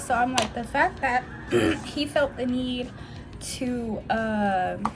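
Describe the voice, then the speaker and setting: A woman's voice: fairly high pitch, background noise. Profane ranting woman vlogger. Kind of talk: casual storytime vlog. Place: dim room at home.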